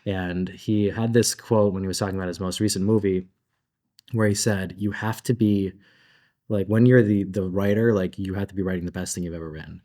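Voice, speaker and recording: Low-voiced chatty male game designer. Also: brisk. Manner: animated, chatty, laughs between thoughts, uses filler like "like". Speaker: game designer, panel guest. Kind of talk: convention panel talk.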